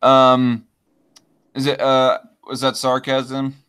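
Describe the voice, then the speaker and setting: A man's voice: mid-range voice, monotone, takes it slowly, fairly bright tone, smooth. A man hosts a loose, casual podcast and reacts to viewer comments as they come in. He talks hesitantly, trailing off and restarting often, with a mid-range voice. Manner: hesitant, many fillers and restarts. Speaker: podcast host reading chat comments.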